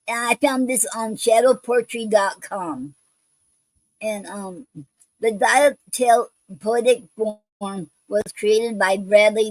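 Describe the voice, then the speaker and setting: A woman's voice: mid-range voice, dry recording, poor audio. A woman hosting a poetry show, reading poems and explaining a poetic form in a hesitant way, with many ums and restarts.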